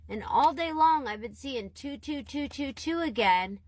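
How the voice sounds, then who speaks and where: A woman's voice: on the high side, expressive, unhurried, hardly any pauses. A woman casually telling an emotional, rambling story to her viewers, often saying "you guys". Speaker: TikTok storyteller. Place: Southwest Florida.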